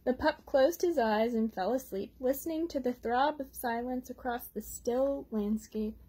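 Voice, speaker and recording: Breathy woman reading a children's story. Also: fairly high pitch, measured pace. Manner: gentle, explains words for kids. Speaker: storytime reader. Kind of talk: children's storytime read-aloud.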